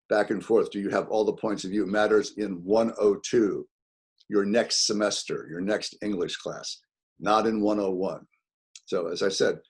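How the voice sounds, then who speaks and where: A man's voice: sits low, a little mellow, husky. A middle-aged man teaching a college English class over a video call, explaining points patiently with many fillers and repetitions. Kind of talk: online class lecture.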